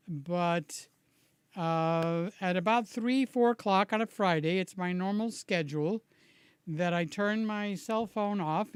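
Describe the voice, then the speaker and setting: Slow, rambling man, slightly hoarse. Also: sits high, dry recording. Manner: slow, rambling and friendly, greets viewers by name. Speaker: vlogger chatting with live viewers. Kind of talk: casual live-stream chat.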